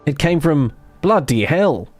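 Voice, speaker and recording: An Australian game streamer commentates his live gameplay and chats with viewers, rambling, poking fun at himself, swearing casually and using lots of fillers. His voice is fairly high with big pitch swings, unhurried, over soft background music.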